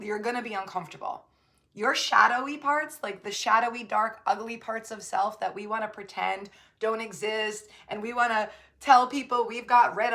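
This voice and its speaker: A woman spiritual coach giving a casual motivational talk to camera, chatty and emphatic, full of fillers and tag questions, calling the listener babe. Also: fairly high pitch. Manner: many fillers and tag questions, swinging between loud bursts and soft asides.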